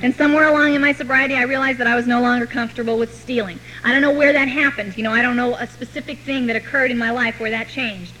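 A woman telling her own recovery story to a meeting, with wry, deadpan humor. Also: fairly high pitch, fast talker, hardly any pauses, a little hiss or hum, poor audio. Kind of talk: personal recovery story told to an audience.

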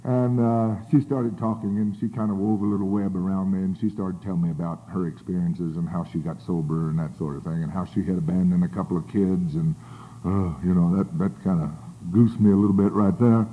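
A man's voice: low-pitched, fairly even intonation, brisk. An older man telling a rambling personal recovery story to a group, with many fillers and restarts. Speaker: speaker sharing his recovery story. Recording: tinny phone-like audio.

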